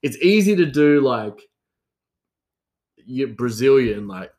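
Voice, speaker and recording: A man's voice: medium pitch, animated, slow, a little mellow. A young man telling casual stories in a rambling way, laughing often. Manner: rambling, lots of fillers and restarts, frequent laughter. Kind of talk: casual storytelling.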